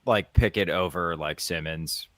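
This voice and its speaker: Very deep-voiced man, relaxed. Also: measured pace, no echo, clean studio sound. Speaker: podcast co-host. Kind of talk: casual live-stream chat.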